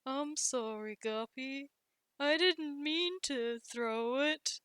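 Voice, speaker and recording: A woman voicing a meek toon man in prison who speaks softly and hesitantly, in a tabletop role-play. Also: high-pitched, lively intonation, extremely slow, no echo, studio quality, full character voice. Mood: sheepish apologetic. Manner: soft, hesitant, sheepish.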